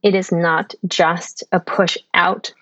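A woman's voice: fairly low pitch, level tone, slow, a bit bright, dry recording, highs cut off. A woman answering interview questions as a consultant, thoughtful and peppered with "you know" and "right". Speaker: guest consultant.

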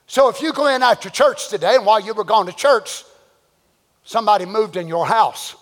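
A man preaching a sermon, swinging between folksy storytelling and shouted, drawn-out exhortation. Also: high voice, long reverb tail. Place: church sanctuary.

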